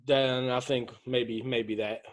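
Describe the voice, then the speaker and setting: A man's voice: mid-range voice, little pitch movement. Laughing man co-hosting a podcast. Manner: laughs often, halting restarts. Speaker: podcast co-host. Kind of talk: casual chat.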